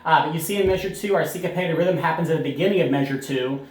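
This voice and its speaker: Relaxed band teacher in an echoey room. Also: male voice, fairly high pitch, quick pace, hardly any pauses. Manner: relaxed explaining with frequent uh fillers, counting beats aloud. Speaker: middle school band teacher. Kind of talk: recorded music lesson.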